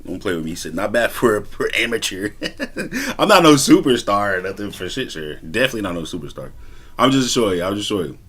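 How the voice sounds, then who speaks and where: A man's voice: on the low side, big pitch swings, fast talker, fairly bright tone, slightly rough. A man streaming live, talking casually and boastfully in slangy street talk. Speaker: streamer reacting to music. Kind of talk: casual livestream chat.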